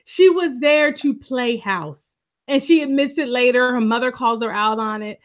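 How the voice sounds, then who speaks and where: A woman's voice: fairly high pitch, normal speed. A woman co-hosting a casual recap show, chatty and emphatic, often laughing along. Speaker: podcast co-host. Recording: dull lo-fi recording.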